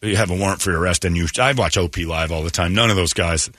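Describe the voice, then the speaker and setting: A man hosting a morning radio show, telling stories in animated casual banter. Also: low-pitched, fast talker, dry recording, clean studio sound. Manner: animated storytelling with quoted voices.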